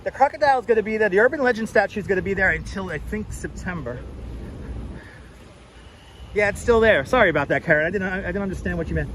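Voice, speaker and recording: Out on hot summer city streets, a man with a high-pitched, expressive, slightly bright voice livestreams as he walks, talking briskly but pausing often. He greets viewers by name over a wireless clip-on mic. The recording is low quality, with traffic noise in the background.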